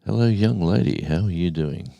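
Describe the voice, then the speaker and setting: A man in his sixties, hosting a casual live stream, rambling and halting as he reads out the viewers' chat. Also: low voice, animated, creaky, warm tone, no echo. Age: 60s. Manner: rambling, halting, with many restarts and fillers.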